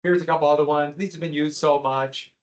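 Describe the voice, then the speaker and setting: A man's voice: on the high side, fairly even intonation, brisk, highs cut off. A male history teacher giving a classroom lecture, joking with his students and teasing them with questions.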